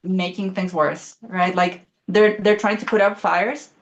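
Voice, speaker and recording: A woman's voice: mid-range voice, fairly even intonation, lo-fi sound. Rambling young woman telling a story. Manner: fast, rambling, many fillers, swearing. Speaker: guest. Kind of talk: casual conversation, storytelling.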